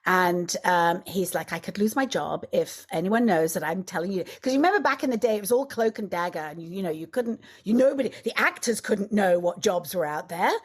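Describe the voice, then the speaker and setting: Middle-aged woman on a podcast, animated storyteller, does little voices for quotes. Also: lowish voice, fairly quick, hardly any pauses, slightly rough. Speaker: podcast guest, actress. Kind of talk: casual interview chat.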